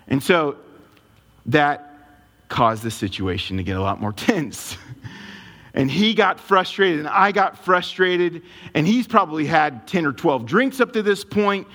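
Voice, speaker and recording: A man preaching a sermon as a pastor, telling a personal story in an animated, emotional way. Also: mid-range voice, moderate pace.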